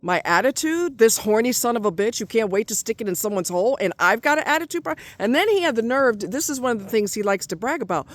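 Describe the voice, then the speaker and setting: A woman's voice: on the high side, animated, fast, few pauses, dry recording. A middle-aged woman ranting angrily in a vlog, swearing a lot and repeating herself for emphasis. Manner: heated, profane, repetitive ranting. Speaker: vlogger. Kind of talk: angry vlog rant.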